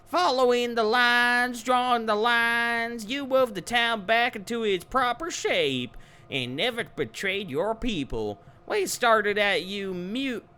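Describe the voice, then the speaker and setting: A solemn, adoring ancient spirit woman, as a male streamer voices her, reciting praise in a raised, lilting voice. The delivery is slow and bright. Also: very high-pitched, expressive, clear, resonant tone, pitched above the performer's own voice, full character voice. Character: reverent ancient female spirit from the swamp.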